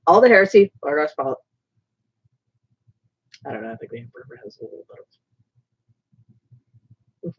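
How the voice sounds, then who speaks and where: Low-pitched and very animated, with a breathy edge, she speaks at normal speed but leaves long pauses. A woman painting miniatures on a livestream, she chats casually, rambling, joking at her own expense, and murmuring asides, with dull lo-fi audio.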